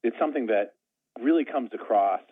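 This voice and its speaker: A man's voice: mid-range voice, brisk. A man talking as an interview guest in a rambling, self-deprecating way, full of restarts. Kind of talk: casual conversation. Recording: tinny phone line.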